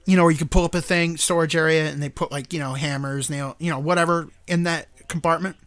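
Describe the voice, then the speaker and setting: A man hosting a live stream show, rambling through a movie plot in a casual, animated way with frequent laughter. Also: on the high side, fast, no room sound. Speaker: show host.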